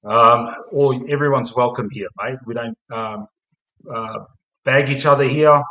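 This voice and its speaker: A man's voice: medium pitch, measured pace, sharp tone, poor audio. A man with an Australian accent hosting a casual footy stream, swearing often and padding with "mate" and "man". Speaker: host of a fan stream.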